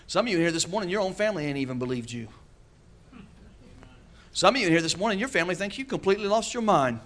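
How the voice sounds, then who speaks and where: A pastor preaching a sermon, calling out to the congregation and acting out quoted voices with humor. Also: male voice, sits high, lively intonation, quick pace, a bit bright. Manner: preaching with call-and-response asides.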